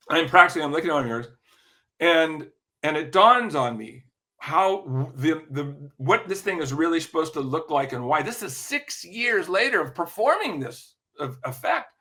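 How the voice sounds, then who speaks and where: An older man settles into a long story as a podcast guest, his voice sitting slightly high and carrying a crisp, forceful brightness. He circles back, repeats words as he restarts his sentences, and pauses to clear his throat as the tale unfolds. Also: lively intonation. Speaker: podcast guest, music industry veteran. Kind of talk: casual interview storytelling.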